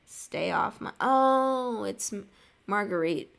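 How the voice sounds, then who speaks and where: A young art streamer from the United States draws on her livestream while chatting casually, reading viewer messages aloud and rambling with many "like"s and light laughs. Her medium-pitched voice is animated, creaky, and fairly bright, and she speaks slowly.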